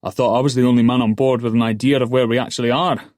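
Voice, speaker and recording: A man voicing a gruff ship's master who talks in a sharp, demanding way. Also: medium pitch, fairly even intonation, fast, no room sound, clean studio sound, pitched above the performer's own voice, natural voice.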